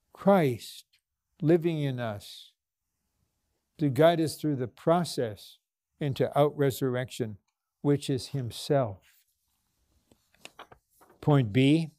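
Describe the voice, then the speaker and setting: A man preaching a conference sermon, slow and emphatic, repeating his points and breaking into prayer. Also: a little high, dark tone, no echo, studio quality. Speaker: conference speaker.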